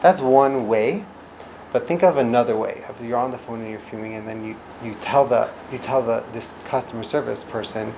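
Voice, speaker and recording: A man in the middle of his voice range teaches in a loose, conversational way. He breaks off and restarts his phrases, then leaps up in pitch to play out a reaction. The recording carries clear background noise. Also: a little fast, low-quality recording. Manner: animated, acts out quoted reactions with big pitch jumps; frequent restarts and trailing phrases. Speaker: instructor teaching parenting and communication skills. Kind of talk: informal teaching talk.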